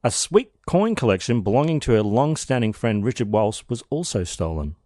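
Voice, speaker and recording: A man's voice: mid-range voice, sing-song, normal speed, warm tone, dry recording. A man leading a true crime podcast, his voice rising and falling a lot as he tells the case. He drops dry, sardonic jokes between the grim facts. The sound is close and dry, with no room around it. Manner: wry, sardonic asides in a narrated case. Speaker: podcast host.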